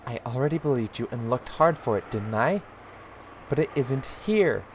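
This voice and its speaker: A man's voice: medium pitch, animated, normal speed, slight background noise, natural voice. A man doing an exasperated scolding mother. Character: irritated mother, sharp, losing patience. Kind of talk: reading a visual novel aloud.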